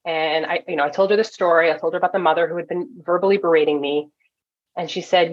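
A woman from Toronto, a nurse coach, telling a story as a podcast guest, animated and full of quick asides. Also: sits low. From Toronto, Canada. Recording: dull lo-fi audio.

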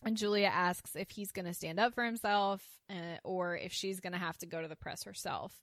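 Woman podcast co-host, animated, plays every character's lines, dry booth. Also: on the low side, brisk, no room sound. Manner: animated, acts out quoted characters with laughter. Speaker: podcast co-host recapping a TV episode. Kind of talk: casual chat.

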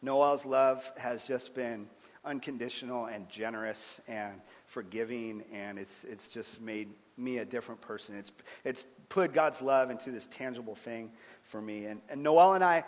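A man in his thirties giving an earnest sermon-style testimony as a guest speaker, swinging between loud and hushed. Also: mid-range voice. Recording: long hall reverb.

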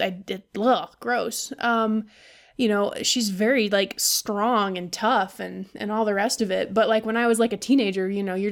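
A woman hosting a podcast, talking casually and venting with a lot of swearing and laughter. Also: on the high side. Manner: profane, venting, animated with laughs. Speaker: podcast host. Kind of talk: casual monologue.

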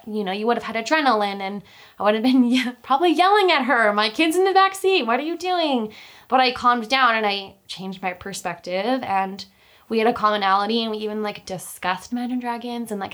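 A woman's voice: mid-range voice, a bit bright. A young woman telling a personal story in casual chat, talkative, with many fillers and restarts. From Utah, US.

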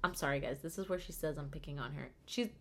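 A young woman co-hosting a casual chat podcast with a friend, joking and playful. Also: fast talker. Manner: playful, animated, puts on squeaky old-lady voices. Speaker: podcast co-host.

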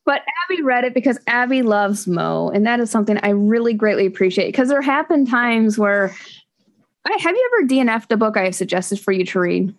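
A woman's voice: on the high side, lively intonation, fairly quick. A woman co-hosting a casual book review podcast, talking in a chatty, rambling way and laughing often. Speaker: podcast co-host.

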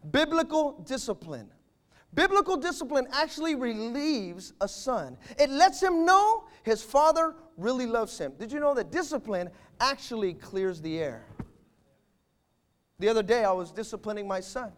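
A male preacher with a strikingly high voice delivers an animated sermon. His pitch swoops widely as he shifts between booming emphasis and soft, intimate asides. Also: normal speed. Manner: emphatic, animated preaching with sudden volume swings.

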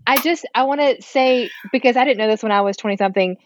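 A woman's voice: on the high side, fast talker, no room sound. Affirming woman host, dry dull sound. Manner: affirming, responsive. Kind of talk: casual podcast chat.

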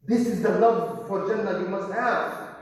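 A man preaching a sermon to a gathering as a guest speaker, impassioned and repetitive, building up to shouts. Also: high-pitched, steady tone, measured pace. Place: large hall with an audience. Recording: echoey hall from a distant mic.

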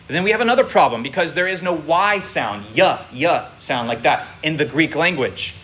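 A man's voice: a little high, animated, moderate pace, fairly bright tone, slight background noise. A man preaching to his congregation, explaining patiently and checking in with his listeners. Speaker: pastor teaching a congregation. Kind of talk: sermon. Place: congregation room.

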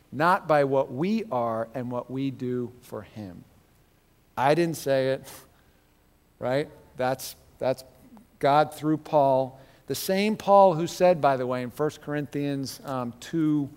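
A man's voice: fairly high pitch, a little mellow, long reverb tail. A man teaching a Bible class in a conversational, digressive sermon style with joking asides.

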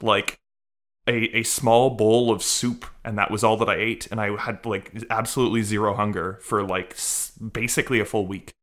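A man's voice: on the low side, fairly even intonation, normal speed, a bit bright. A man hosting a casual podcast chat, rambling and repeating words as he talks, his voice still a bit off after being sick. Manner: rambling, repeats words when starting sentences. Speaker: podcast host.

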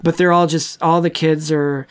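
A man's voice: fairly high pitch, little pitch movement, moderate pace, clean tone. A man co-hosting a podcast, recapping a movie in a loose, rambling way. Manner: rambling, loose, with restarts and acted-out quotes. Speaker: podcast co-host. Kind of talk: casual movie recap chat.

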